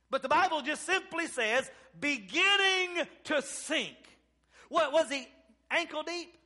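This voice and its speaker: High bright-voiced male preacher. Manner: preaching with call-and-response amens, swinging from soft to loud. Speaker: pastor. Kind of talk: sermon.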